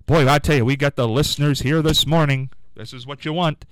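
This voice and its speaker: A man hosting a live radio call-in quiz, with an upbeat, sing-song way of answering callers and a throat going hoarse. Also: a little high, brisk, no echo, poor audio. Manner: lively, upbeat, sing-song when rejecting guesses. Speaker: radio call-in show host. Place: radio studio.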